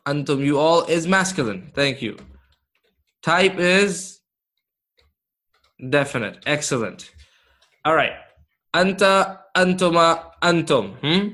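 A man's voice: fairly high pitch, expressive, bright, forceful tone. A man teaching an interactive grammar lesson, quizzing his class and praising answers as he goes. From Canada. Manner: slow, encouraging, quizzes the class with quick praise. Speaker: Arabic teacher.

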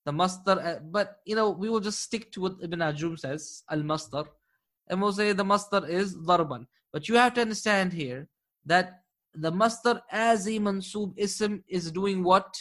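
A man leads a classroom grammar lesson, his voice pitched high and ringing bright. He checks in with the students often and praises them warmly. When a key term comes up, he slows right down to spell it out. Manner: patient, quizzing students with frequent checks and praise; slows down to dictate key terms. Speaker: Arabic grammar teacher.

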